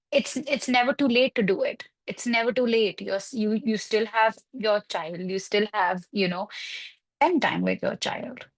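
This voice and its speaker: This counseling psychologist, a woman with a medium-pitched, creaky voice, takes part in a webinar discussion captured in a rough recording. Her tone is reassuring as she cites everyday examples and parents' worries to explain her points.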